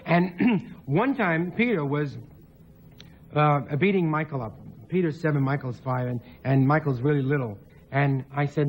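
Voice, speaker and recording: A man's voice: a little high, unhurried, low-quality recording. Giggly talk show guest, man. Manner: giggly, acts out quoted family members in loud voices. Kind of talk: anecdotal chat.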